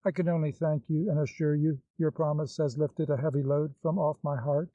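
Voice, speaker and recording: A man's voice: a little high, fairly even intonation, normal speed, no room sound, close to an everyday voice. A man reading the part of an anxious, devoted older woman with a pleading, fretful manner, in a dull, dry recording.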